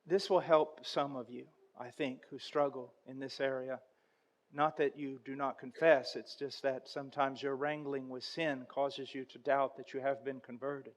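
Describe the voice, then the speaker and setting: A man preaching a sermon, telling a story dramatically and building to loud intensity. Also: mid-range voice, little pitch movement, moderate pace.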